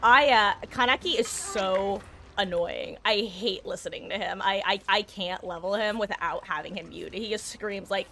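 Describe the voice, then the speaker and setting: A woman from the United States, chatting casually and rambling as she streams a game, often clearing her throat. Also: medium pitch, normal speed, pushed and bright. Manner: rambling, chatty, self-correcting. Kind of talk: casual live-stream chat while gaming.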